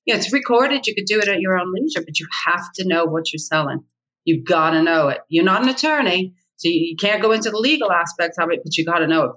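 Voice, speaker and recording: A woman with a bright, forceful voice talks bluntly about her trade, hammering her points home by repeating them. She speaks as an experienced agent and mentor in a podcast interview. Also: medium pitch, low-quality recording. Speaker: real estate agent and mentor.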